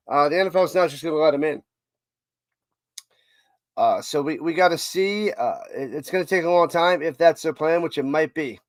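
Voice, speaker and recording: His voice runs a little high, recorded without any room sound. He's a New York-accented man hosting a live watch party, excitedly calling the action and chatting with the people reading along in his stream chat.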